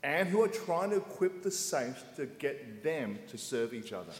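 A man preaching a sermon in a church hall in short phrases, pausing so an interpreter can follow. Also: on the high side, big pitch swings. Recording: echoey hall with long reverb.

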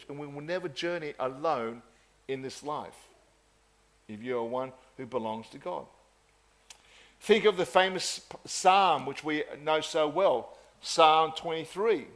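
A man preaching a sermon in an earnest, measured way, often repeating phrases for emphasis. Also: a little high, animated.

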